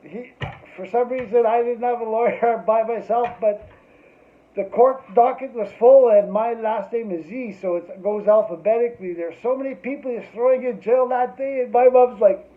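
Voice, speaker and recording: A man's voice: very high-pitched, normal speed. A middle-aged man telling a rambling, profane anecdote in casual chat, ending his lines with "eh". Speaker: storyteller. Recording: tinny phone-like sound.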